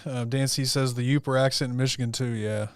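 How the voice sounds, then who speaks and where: A man hosting a livestream, chatting in a relaxed, conversational way with his guest. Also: medium pitch, fairly quick, dry recording, studio quality. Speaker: livestream host. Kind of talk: casual livestream chat.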